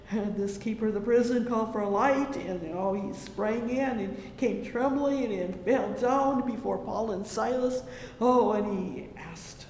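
Fervent preacher, unhurried sermon delivery, swells on exclamations; recorded in a long-reverb hall. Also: darkish tone. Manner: fervent, peppered with "oh, yes" and "praise the Lord". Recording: echoey hall with faint rumble.

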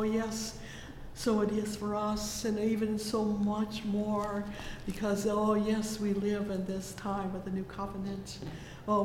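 Woman preacher, flat measured delivery, slow pace, fervent asides, roomy hall with faint noise. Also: medium pitch. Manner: fervent, many "oh, yes" interjections; reads scripture slowly and solemnly. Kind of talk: sermon with scripture reading.

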